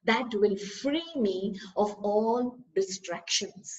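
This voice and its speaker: A woman giving a spiritual discourse, lively and full of rhetorical questions. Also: mid-range voice, slow pace, lo-fi sound. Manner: animated, asks rhetorical questions, acts out dialogues. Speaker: spiritual teacher.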